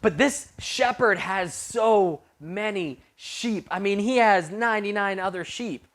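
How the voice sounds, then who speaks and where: A youth pastor tells a story to his group in a lively, unpolished way. He often stumbles and restarts his sentences, and he acts out the voices of the people in the tale. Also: sits high, unhurried. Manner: animated storyteller with frequent restarts.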